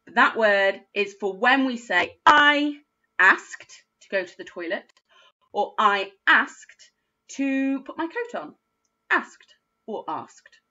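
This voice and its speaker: A woman teaches phonics to young children, sounding out each word letter by letter. Her voice is bright and lively, moving up and down a lot, and her pace is slow and patient. The recording has a dull, lo-fi quality. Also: on the high side. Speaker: primary school teacher.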